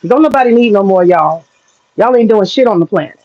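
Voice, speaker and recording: A woman's voice: medium pitch, lively intonation, fairly quick. Blunt, profane woman ranting to chat. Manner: blunt, profane, laughing often. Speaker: streamer. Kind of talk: casual livestream rant to chat. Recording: dull lo-fi sound with faint noise.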